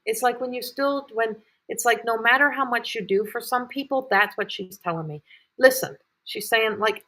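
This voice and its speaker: Woman, intuitive reader on a livestream; loose, repetitive delivery full of restarts; mid-pitched voice. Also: fairly bright tone. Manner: rambling and repetitive, many fillers and restarts. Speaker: intuitive reader hosting live readings. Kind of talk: live-streamed psychic reading.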